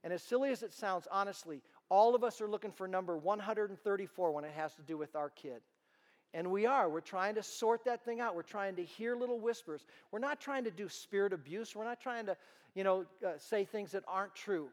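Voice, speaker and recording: A man giving a sermon-style talk to parents in a large room, telling stories in an animated way. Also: sits high, fairly quick. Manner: animated storytelling. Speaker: ministry speaker.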